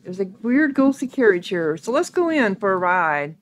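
A woman playing a video game and reading its text aloud, thinking out loud casually with hums and ums. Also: medium pitch, big pitch swings, normal speed. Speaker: gaming video creator.

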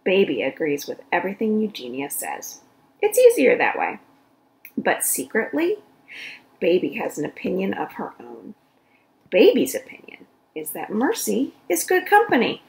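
A woman reading a children's story aloud in an expressive storytelling voice. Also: mid-range voice, vocal fry, rough recording. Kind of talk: read-aloud storytelling for kids.

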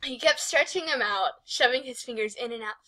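A woman's voice: fairly high pitch, a little fast, pushed and bright, poor audio. A young woman reading a fanfic aloud as a host, giggling often and breaking off with swearing exclamations. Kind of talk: casual comic read-along.

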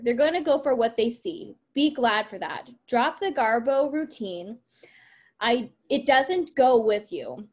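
A woman reading aloud the lines of a dismissive young man who looks down on serious talk. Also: on the high side.

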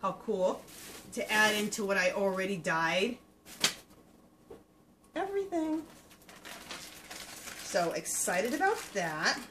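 A woman's voice: mid-range voice, unhurried, background noise. A woman hosting a fiber-craft podcast, chatting casually and enthusiastically to viewers with plenty of ums. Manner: gushing, enthusiastic, full of filler words. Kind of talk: casual show-and-tell chat to viewers.

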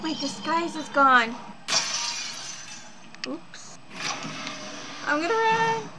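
A woman's voice: sits high, animated, very slow, noisy background. A woman streamer reacting to a horror game, jumpy and exclaiming, talking to herself as she plays. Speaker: gaming streamer. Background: game music.

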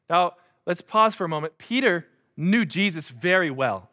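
A man's voice: fairly high pitch, lively intonation, moderate pace, bright, forceful tone. Casual man preaching a sermon. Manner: casual, conversational preaching with acted-out quotes. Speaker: pastor. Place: church.

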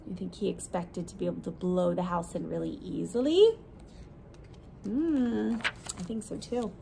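A woman reading a picture book aloud to preschoolers as their teacher, gently asking questions and encouraging the children. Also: on the low side, normal speed, creaky, a little hiss or hum, poor audio. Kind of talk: storytime read-aloud.

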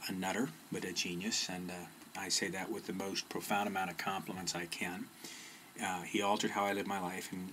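A man's voice: sits low, fairly bright tone, low-quality recording. A middle-aged man telling a story in a casual, rambling way, full of fillers and restarts. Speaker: personal development speaker. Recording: faint background noise.

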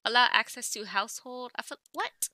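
A young woman giving casual gameplay commentary, getting exasperated and yelling at the characters on screen. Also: fairly high pitch, brisk, no room sound, studio quality. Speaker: let's play gamer.

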